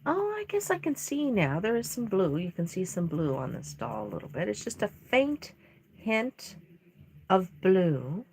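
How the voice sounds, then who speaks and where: A woman chatting casually while she paints a doll on a live stream, telling rambling stories in an expressive way. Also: mid-range voice, normal speed, hardly any pauses, slight background noise.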